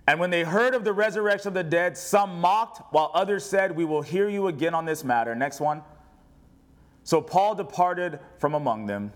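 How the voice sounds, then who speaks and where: A man's voice: fairly high pitch, moderate pace. A male pastor preaching a sermon, reading scripture aloud and putting questions to his congregation.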